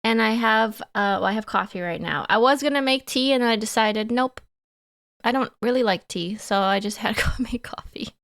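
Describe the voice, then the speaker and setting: A woman's voice: on the high side, moderate pace, a bit bright. A woman livestreamer chatting casually with her chat in a playful, giggly way.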